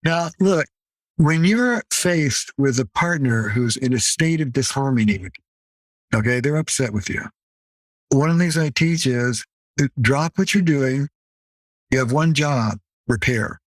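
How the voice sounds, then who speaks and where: A man's voice: medium pitch, animated, unhurried, no echo. Emphatic older man, dry sound. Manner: emphatic, punchy, playful asides. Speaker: therapist and author guest. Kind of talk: podcast interview.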